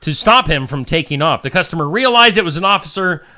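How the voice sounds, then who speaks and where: A man's voice: on the high side, animated, fast talker, pushed and bright. A man hosting a casual show, reading odd news stories and joking with his co-host. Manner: jokey, puts on silly voices while reading.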